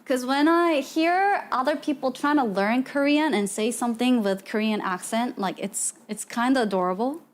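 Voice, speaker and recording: A woman with a high voice talks casually to her live-stream chat. She laughs often, reacts to comments and rambles in loose, restarting sentences full of fillers. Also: normal speed, few pauses. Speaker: VTuber streamer.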